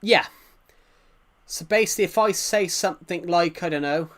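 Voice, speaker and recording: A man's voice: fairly high pitch, moderate pace. A man with an English-Welsh border accent, chatting casually on a livestream, rambling and answering viewers' comments.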